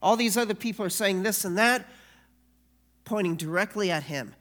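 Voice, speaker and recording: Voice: mid-range voice, a bit bright. A preacher giving a sermon, who asks the congregation rhetorical questions and reads scripture aloud with rising emphasis. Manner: slow, deliberate delivery with rhetorical questions.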